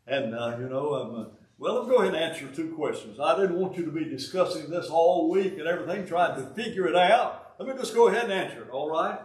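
A man in his eighties with a Southern US accent, from Alabama, preaching a sermon in a folksy way with joking asides and halting restarts. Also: fairly high pitch, animated. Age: 80s. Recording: roomy sound, from a distance.

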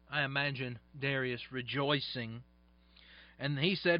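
A man's voice: mid-range voice, steady tone, moderate pace, no echo. A man preaching a sermon, reading scripture aloud and explaining it in plain, folksy asides. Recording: dull, dry, lo-fi sound.

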